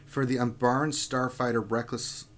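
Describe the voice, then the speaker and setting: A man's voice: mid-range voice, moderate pace. A man casually hosting a lunch-hour gaming livestream, reading viewer questions and bantering with guests. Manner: excitable, reads viewer questions. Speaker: livestream host.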